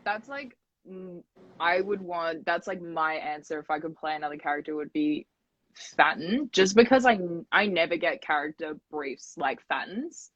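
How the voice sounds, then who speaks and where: A woman's voice: deep voice, moderate pace, dry recording. Enthusiastic young woman, dull lo-fi sound. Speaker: actor in a live chat. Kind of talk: casual chat. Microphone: phone livestream.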